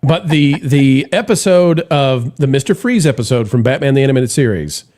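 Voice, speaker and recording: Male host, casual livestream talk, lively pitch, reads chat messages aloud. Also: moderate pace. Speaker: podcast host reading super chats.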